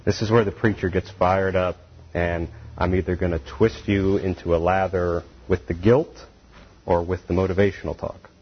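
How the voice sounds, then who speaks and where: A man's voice: deep voice, flat delivery, moderate pace, slightly rough. A man teaching a casual Bible study, retelling scripture in plain, conversational everyday speech, heard on a dull, lo-fi recording.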